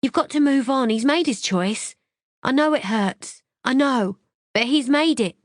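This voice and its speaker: A woman voicing a female friend who soothes and pleads in gentle tones. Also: high voice, lively intonation, a little slow, no room sound, studio quality, voice pushed up. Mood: pleading.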